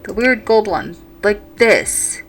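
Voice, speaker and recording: A woman's voice: mid-range voice, expressive, slow pace, soft background music. A woman giving casual commentary while building in a life-sim game, rambling and correcting herself as she thinks aloud. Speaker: gaming video creator.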